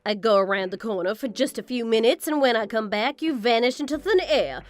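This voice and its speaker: A woman's voice: on the high side, lively intonation, a little fast, close to an everyday voice. A woman playing a haughty scornful mother-in-law. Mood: scolding. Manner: condescending, self-admiring. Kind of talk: scripted text-story drama.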